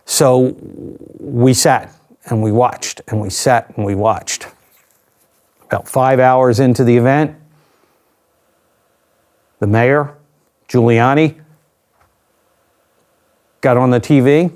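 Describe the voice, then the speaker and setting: A man's voice: medium pitch, fairly even intonation, slow pace, pauses often, a little mellow. Older man recounting a personal story. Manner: reflective, conversational, with dry asides. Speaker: interview guest.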